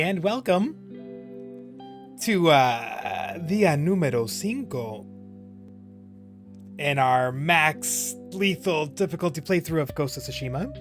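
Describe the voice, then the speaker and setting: A man giving casual, rambling commentary over his gameplay, laughing often and pausing with fillers. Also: a little high. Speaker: gameplay streamer.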